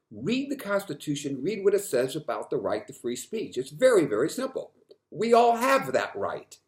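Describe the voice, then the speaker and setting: A man speaking to camera in an impassioned monologue, frustrated, swinging from quiet stretches to loud emphatic outbursts and repeating words when worked up. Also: mid-range voice. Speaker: vlogger.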